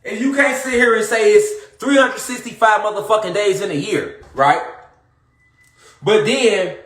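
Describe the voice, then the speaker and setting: A man delivering a rambling, preachy comedic monologue, repeating himself and swearing often, getting louder as he goes. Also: sits high, unhurried, roomy sound. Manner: preachy, repetitive, profane, rising to shouts. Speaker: comedic conspiracy monologue performer.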